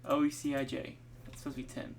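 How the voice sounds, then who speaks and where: A streamer coding on camera thinks aloud, muttering to himself, exasperated and swearing casually. His medium-pitched voice is completely flat, quick, and gravelly, picked up by a distant mic with faint background noise.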